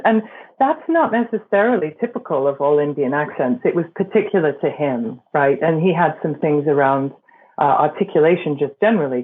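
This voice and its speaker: A woman's voice: deep voice, fairly quick, slightly rough. Woman coach on a tinny phone-like line. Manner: reflective, explains with examples. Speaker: voice and performance coach. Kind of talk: interview guest.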